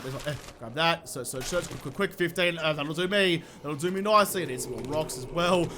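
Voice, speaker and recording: High-voiced sweary gamer, slightly sick. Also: male voice, slight background noise. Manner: excitable, sweary, talks to enemies. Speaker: gaming YouTuber. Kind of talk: let's play commentary.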